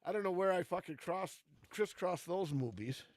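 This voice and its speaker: A man's voice: high-pitched, lively intonation, moderate pace, darkish tone, no echo. A man co-hosting a live podcast in casual chat, blunt and profane, given to ranting. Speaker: podcast co-host.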